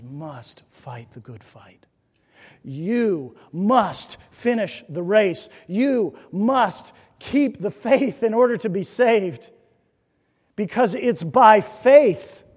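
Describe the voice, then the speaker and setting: Earnest male pastor, high voice, echoing church. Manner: dramatic swings from loud emphasis to hushed near-whispers; earnest, exhorting, rhetorical questions. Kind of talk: sermon. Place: church sanctuary. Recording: reverberant church hall.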